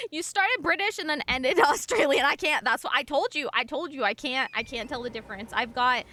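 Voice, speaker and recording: A woman's voice: high-pitched, normal speed, bright, forceful tone, no echo. A young woman from Montana, a streamer, chatting casually with viewers in a rambling way, full of fillers. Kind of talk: casual gaming stream chat.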